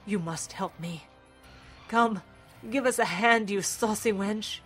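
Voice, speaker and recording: A woman's voice: mid-range voice, takes it slowly, faint music behind, natural voice. A woman voicing a frightened, wounded male archivist who cries out and pleads melodramatically. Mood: feverish flirting.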